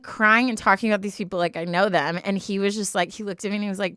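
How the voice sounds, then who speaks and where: A young woman co-hosting a podcast, telling stories in an emotional, animated way during a casual chat. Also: mid-range voice, quick pace, few pauses, dry recording, studio quality. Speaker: podcast co-host.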